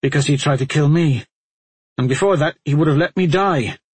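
A man's voice: on the high side, moderate pace, husky, no echo, voice pushed up. A man playing a guilt-ridden adventurer. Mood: strained.

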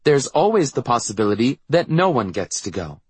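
A man doing a brisk, firm mother. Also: medium pitch, big pitch swings, breathy edge, dry recording, pitched above the performer's own voice.

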